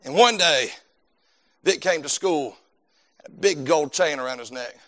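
Bright-voiced fervent male preacher. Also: fairly high pitch, a little slow. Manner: fervent, repeats words while building points. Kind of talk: sermon.

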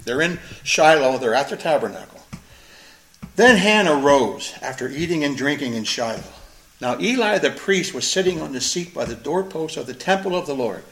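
Earnest preacher in an echoey room. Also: male voice, a little high, expressive, fairly bright tone. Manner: earnest, emphatic, repeats phrases, pauses to stress words. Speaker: pastor. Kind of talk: expository sermon, reading and explaining scripture.

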